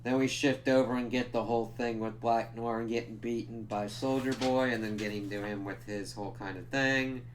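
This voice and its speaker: A man casually recapping and reviewing a TV episode, swearing constantly and jumping into quick impressions of the characters. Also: medium pitch, a little hiss or hum. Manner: animated, swears a lot, mimics characters mid-recap.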